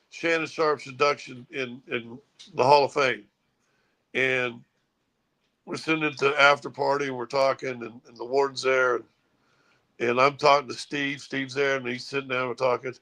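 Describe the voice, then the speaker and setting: Bright-voiced male sports host. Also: mid-range voice, low-quality recording. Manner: animated storyteller, quick to mimic others. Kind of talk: casual sports talk.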